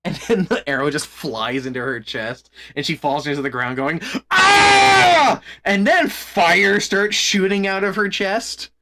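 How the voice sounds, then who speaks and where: A man streaming and chatting casually, in an animated, exasperated way with plenty of swearing. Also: a little high, moderate pace, few pauses. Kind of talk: casual chat.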